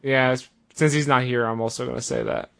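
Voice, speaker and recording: A man's voice: medium pitch, fairly even intonation, a little fast, gravelly, a bit bright. A man co-hosting a casual podcast, an eager fan who gets defensive. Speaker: podcast co-host. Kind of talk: casual wrestling chat.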